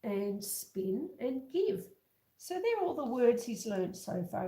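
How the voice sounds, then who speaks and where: A woman hosting a casual home livestream, chatting slowly with viewers and reading out their comments. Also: fairly high pitch, sing-song, mellow, echoey room, slight background noise. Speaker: livestream host. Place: home kitchen. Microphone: computer webcam.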